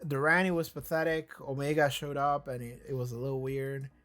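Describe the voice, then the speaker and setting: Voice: medium pitch, level tone, fairly quick, fairly bright tone, soft background music. A reaction channel host talking casually from a chair, rambling with stammered restarts and frequent swearing. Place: seated in a chair.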